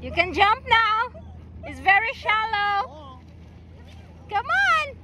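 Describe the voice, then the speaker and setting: A woman's voice: extremely high pitch, big pitch swings, slow pace, bright, forceful tone, some chatter behind. A woman talking to dogs at the beach in a sing-song baby-talk voice, giggling between lines, filmed on a phone outdoors. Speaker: dog owner filming at the beach. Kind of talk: casual chat and dog talk. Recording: outdoor wind and water noise.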